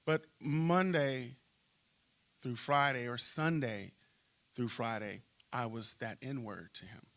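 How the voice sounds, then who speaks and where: A middle-aged man, a pastor, telling a story in a church interview and acting out shouting crowds. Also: mid-range voice, slow. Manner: animated storyteller, acts out crowd chants.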